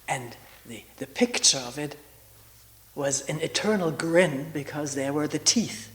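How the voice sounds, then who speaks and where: An older woman, in her sixties, gives a reflective spiritual talk as a retreat teacher. Her delivery is unhurried, with long pauses between phrases. She often lets her voice fall to a soft half-whisper. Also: low-pitched, animated, rough recording.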